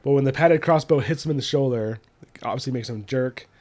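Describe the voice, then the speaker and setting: A podcast co-host with a medium-pitched, slightly mellow voice talks fairly quickly. In a casual book discussion, he loosely retells the plot with lots of fillers.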